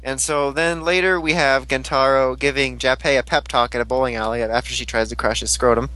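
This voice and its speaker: A man's voice: medium pitch, fairly even intonation, brisk, sharp tone, dry recording, rough recording. A young man recapping a TV episode in casual chat, rambling, giggly and crude, often mimicking the characters. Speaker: podcast host recapping an episode.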